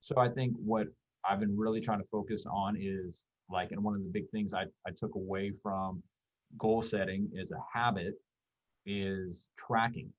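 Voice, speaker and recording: Low-voiced man, rambling and thoughtful. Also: steady tone, moderate pace. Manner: rambling, thoughtful, many fillers. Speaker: guest. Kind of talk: casual conversation on a video call. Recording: dull lo-fi call audio.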